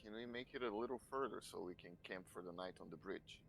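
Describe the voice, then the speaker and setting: A man's voice: on the low side, quick pace, a bit bright, slight background noise. A man playing a tabletop game, chatting casually and joking, swearing freely. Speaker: player.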